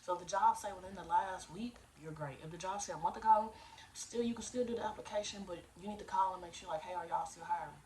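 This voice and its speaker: A woman's voice: mid-range voice, fast, a little mellow, distant mic, a little hiss or hum. A young woman giving casual, slangy job-search advice in a chatty way, acting out phone calls as she goes.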